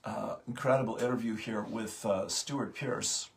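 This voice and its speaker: A man hosting a morning spiritual talk, speaking haltingly with many pauses and fillers, just out of bed. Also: lowish voice, steady tone. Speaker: host of a morning spiritual program.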